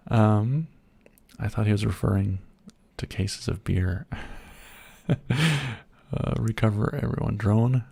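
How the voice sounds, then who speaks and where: A man's voice: lowish voice, takes it slowly, creaky, long pauses, mellow, husky. A man from Germany with a slight American accent hosts a casual livestream at home. He chats easily, reads out viewer comments, answers them, and laughs often. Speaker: livestream host.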